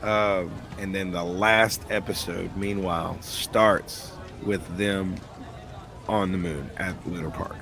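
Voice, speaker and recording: A man hosting a casual podcast chat about a cartoon, rambling and excitable, swearing casually. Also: low voice, slow pace, vocal fry. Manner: rambling, excitable, swears casually, quotes scenes in put-on voices. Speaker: podcast host.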